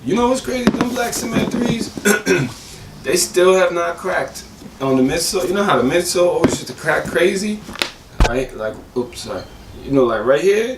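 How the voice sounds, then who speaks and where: Hoarse man rambling about sneakers. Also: on the high side, roomy sound, recorded from a distance, background noise. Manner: enthusiastic, rambling, slangy. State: hoarse, voice cracking. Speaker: sneaker reviewer. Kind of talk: casual sneaker review.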